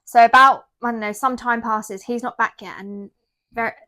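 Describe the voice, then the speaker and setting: Speaking a little high with a sharp, steady tone at normal speed, this woman co-hosts a podcast. In chatty book talk, she recounts a novel's plot and quotes its characters.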